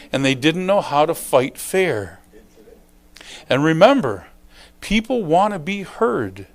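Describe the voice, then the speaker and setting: A middle-aged male pastor giving a sermon in a folksy, conversational way, often acting out quotes. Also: high voice.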